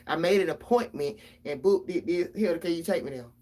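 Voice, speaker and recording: A woman's voice: fairly low pitch, animated, a little fast, warm tone. A middle-aged mother, venting casually and profanely straight to her viewers about her kids.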